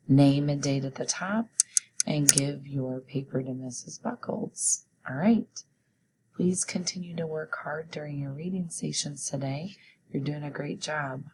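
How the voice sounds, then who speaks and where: Slow, low-voiced teacher dictating spelling words. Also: female voice, a little mellow, a little hiss or hum, poor audio. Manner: slow, deliberate, clearly enunciates each test word. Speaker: teacher giving a spelling test. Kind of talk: recorded classroom spelling dictation.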